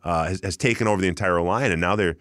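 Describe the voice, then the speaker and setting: Man, middle-aged, very deep voice, relaxed self-deprecating storytelling, former lineman talking casually, dry close mic. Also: fast, no echo. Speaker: guest, former pro football lineman. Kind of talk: casual sports interview chat.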